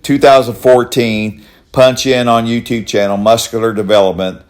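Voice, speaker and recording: A man's voice: medium pitch, fairly even intonation, normal speed. An older man with a Kentucky accent, hosting a casual podcast and telling long, rambling stories in a folksy way. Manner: rambling, repeats himself, folksy. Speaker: podcast host. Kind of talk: casual storytelling chat.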